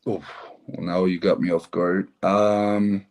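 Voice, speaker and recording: A man's voice: deep voice, slow pace. A middle-aged man, a former hockey player talking as a guest in a casual, rambling interview. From Germany. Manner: relaxed, rambling, laughs easily.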